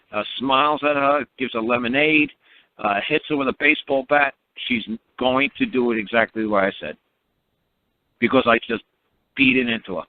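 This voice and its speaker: A man rambling through a story on a phone call, repeating words and acting out quotes. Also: mid-range voice. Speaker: speaker on a call-in teaching line. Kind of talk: rambling casual phone talk. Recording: tinny phone line.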